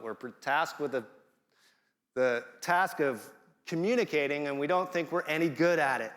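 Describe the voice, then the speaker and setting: A man's voice: mid-range voice, a bit bright, in a large hall. A man preaching a sermon in a conversational, playful way, acting out the voices he quotes. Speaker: guest preacher. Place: church sanctuary.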